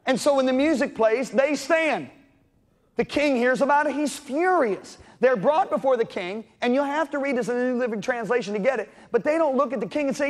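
A man preaching a sermon, telling stories dramatically and swinging between loud calls and hushed moments. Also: very high voice, fast talker, big-room sound. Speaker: pastor. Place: church sanctuary.

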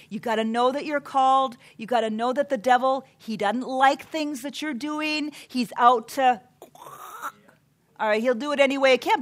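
A woman preaching a sermon, earnest and emphatic, counting off numbered points. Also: high-pitched.

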